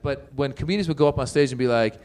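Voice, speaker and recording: A man's voice: mid-range voice, rapid-fire, darkish tone. A middle-aged man from the United States, a comedian guesting on an interview show, telling stories animatedly, laughing often and acting out voices.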